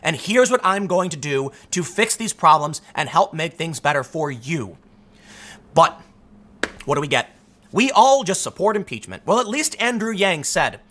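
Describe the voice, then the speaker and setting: Guy doing political commentary, punchy and argumentative, bright voice, lots of up and down. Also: on the high side, sing-song, moderate pace. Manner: emphatic, argumentative, acts out quotes in other voices. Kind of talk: solo commentary to camera.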